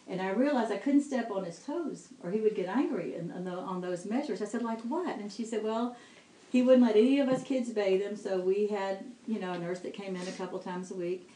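Woman, 50s, devotional storyteller, mid-range voice, roomy sound. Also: medium pitch. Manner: storytelling, animated quoted dialogue, laughing asides. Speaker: speaker sharing testimony. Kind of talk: devotional talk. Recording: echoey room with faint ambience.

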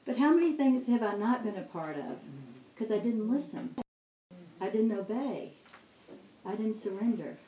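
A middle-aged woman preaching to women, telling a story with lively acted-out dialogue. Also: fairly high pitch, moderate pace, long pauses, reverberant, low-quality recording. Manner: animated storytelling with quoted dialogue. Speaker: women's ministry speaker.

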